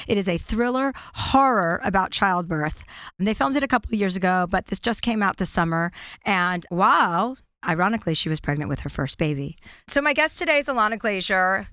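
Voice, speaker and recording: A woman's voice: mid-range voice, fairly bright tone, clean tone, no echo, clean studio sound. A woman hosting a podcast, joking and bantering in casual chat, sometimes profane. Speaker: podcast host.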